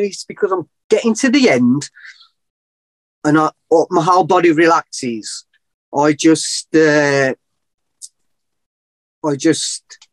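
A middle-aged man telling a long story as a podcast guest, animated and rambling, often laughing at himself. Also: a little high, no echo. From England. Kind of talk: casual storytelling.

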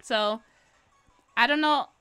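Brief: woman streamer, fairly high voice, rambling casual chat while drawing, laughs a lot. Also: takes it slowly, pushed and bright, clear, resonant tone, soft background music. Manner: chatty, rambling, laughs often. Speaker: livestreaming artist.

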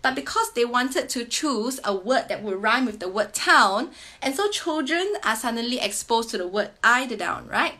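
Woman, 30s, fairly high voice, crisp bright tone, casual chat, sing-song teacher manner, frequent "right?". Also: expressive, normal speed. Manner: chatty, ends many sentences with a questioning "right?". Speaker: parent sharing reading tips. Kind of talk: casual explanatory talk to camera.

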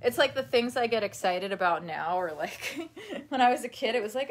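A woman's voice: mid-range voice, expressive, fairly quick, creaky, breathy edge. Rambling, chatty woman live streaming. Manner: rambling and chatty, laughs often, talks to her dog. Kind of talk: casual live-stream chat. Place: at home while folding laundry.

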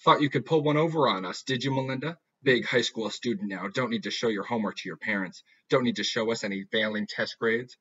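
A man's voice: mid-range voice, fairly quick, hardly any pauses, a bit bright, close to an everyday voice. A man voicing a menacing mother who talks with a creepily sweet tone. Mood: sarcastic. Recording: dull lo-fi recording.

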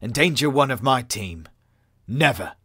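Audiobook figure: a stubborn, defiant male commander with a low, steady voice, read by a man. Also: measured pace, husky. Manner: firm, defiant. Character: proud, angry male mission commander.

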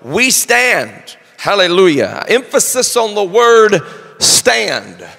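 A male pastor delivers a slow, deliberate sermon that swells into shouted fervor. His voice sits high with a bright, gravelly edge. The reverb of a large church hall rings around every phrase. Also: very animated. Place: church sanctuary.

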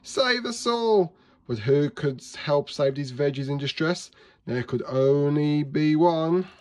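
A man's voice: fairly high pitch, fairly even intonation, unhurried, mellow. Man reading a children's story. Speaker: teacher reading aloud. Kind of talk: children's story read-aloud.

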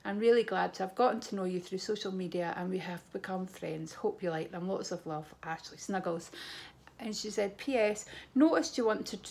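Chatty Scottish woman with a gravelly voice. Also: medium pitch. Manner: chatty, effusive storyteller. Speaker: beauty vlogger. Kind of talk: casual chat to camera. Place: at home.

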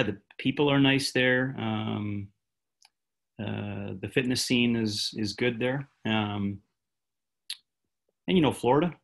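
A man talking as a podcast guest in a relaxed, halting way with many fillers. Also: lowish voice, vocal fry. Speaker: podcast guest, gym founder. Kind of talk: casual conversation.

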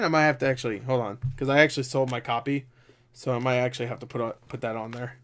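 Casting: male gaming vlogger, mid pitch, excitable and loose, swears a lot. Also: fast. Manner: excitable, swears, laughs often. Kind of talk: casual commentary.

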